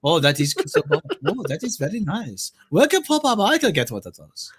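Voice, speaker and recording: A man's voice: high voice, wildly swooping pitch, fairly bright tone, breathy edge, heavily acted. A man voicing a pompous, scheming rich male media mogul with a put-on German accent, chuckling as he talks. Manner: smug, chuckling, drawn-out delivery. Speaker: co-host.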